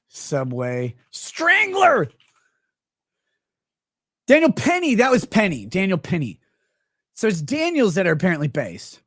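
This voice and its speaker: A man's voice: fairly high pitch, a bit bright, no echo, clean studio sound. A man hosting a livestream, talking in a crude, profane, rambling way and reading out chat messages. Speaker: livestream host. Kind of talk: casual livestream commentary.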